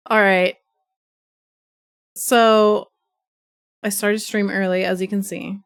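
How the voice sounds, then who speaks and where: A young woman livestreaming, telling a chaotic story in a rambling, profane, animated way, with a stuffy nose from sneezing. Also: mid-range voice, takes it slowly, long pauses, clean tone. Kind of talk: casual chat.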